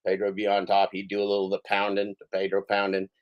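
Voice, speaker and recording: A man's voice: low voice, monotone, fast talker, lo-fi sound. A man hosting a livestream, ranting casually in a taunting, profane and rambling way. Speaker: livestream host.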